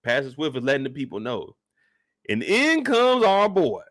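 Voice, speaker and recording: A man with a medium-pitched voice hosts a comedic reaction rant about a TV episode, speaking at a normal speed. He's animated and profane, swearing freely and breaking into frequent laughter. The recording is dry, with a clean studio sound.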